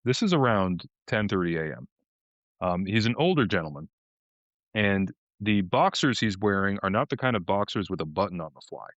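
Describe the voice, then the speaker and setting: A man's voice: sits low, animated, moderate pace, a bit bright, dry recording. A man from co-hosting a podcast, telling stories casually with lots of restarts. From Boston. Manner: rambling storytelling with frequent restarts. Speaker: podcast co-host. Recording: dull lo-fi audio.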